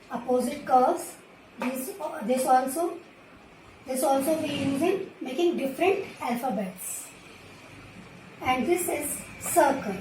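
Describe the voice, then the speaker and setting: A woman with an Indian English accent teaching nursery children, repeating letters and words slowly and clearly so they can copy her. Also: sits high, darkish tone, distant mic. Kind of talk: slow, patient classroom teaching to small children. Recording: roomy echo, voice from away from the mic, faint background noise.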